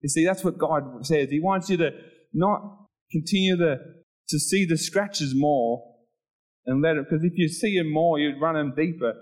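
A man's voice: a little high, moderate pace, rough recording. Chatty man preaching an informal sermon. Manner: chatty, acts out little scenes with voice changes.

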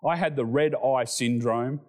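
A middle-aged male pastor preaching a sermon, animated, acting out scripture voices and climbing loud at the high points. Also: unhurried.

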